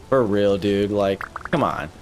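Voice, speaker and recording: A man streaming a video game live, chatting casually with viewers, swearing often and grumbling in frustration. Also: lowish voice. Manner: profane, frustrated, talks to chat. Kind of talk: casual live gameplay commentary.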